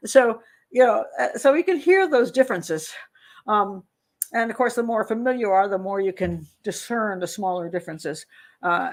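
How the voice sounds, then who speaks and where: An older woman, a criminal profiler hosting a live show, chatting casually as she reads viewer comments, rambling with lots of fillers and little laughs. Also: medium pitch. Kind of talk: casual live-stream commentary reading chat.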